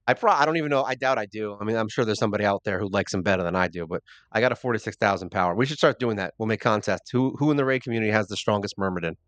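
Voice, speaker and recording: Male gaming host, lowish voice, dry close sound, rambling joking commentary. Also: rapid-fire, fairly bright tone, no room sound. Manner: rambling, self-deprecating, joking asides. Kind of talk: casual game commentary.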